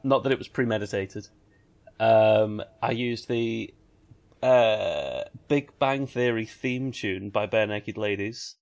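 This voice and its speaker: A man's voice: lowish voice, slow pace. A man co-hosting a comedy podcast, amused and bantering in casual chat. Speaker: podcast co-host.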